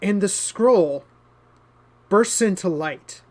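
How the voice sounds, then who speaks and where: Male game master, high voice, slow and hesitant narration. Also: animated, a little mellow. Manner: hesitant, many fillers.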